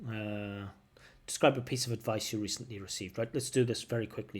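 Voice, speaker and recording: A man's voice: lowish voice, fairly even intonation, brisk, slightly rough. A man giving spoken exam feedback as a language examiner, talking conversationally and explaining step by step.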